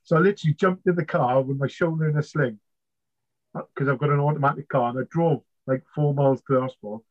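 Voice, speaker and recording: Animated British navy veteran telling stories. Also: male voice, fairly high pitch, fast. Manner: animated, swears freely, acts out past dialogue. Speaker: interview guest, navy veteran. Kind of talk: storytelling in conversation. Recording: slightly muffled lo-fi sound.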